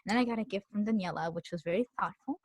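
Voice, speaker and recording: A woman's voice: medium pitch, racing, a little mellow, dry recording, clean studio sound. A young woman co-hosting a podcast, chatting casually and telling stories animatedly with lots of likes and laughter. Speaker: podcast co-host. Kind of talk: casual chat.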